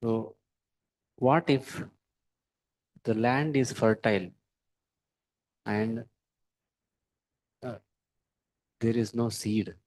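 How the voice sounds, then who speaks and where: A man giving a devotional sermon, speaking in halting phrases with many pauses and fillers and putting rhetorical questions to his listeners. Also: medium pitch, darkish tone, low-quality recording. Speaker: devotional lecturer.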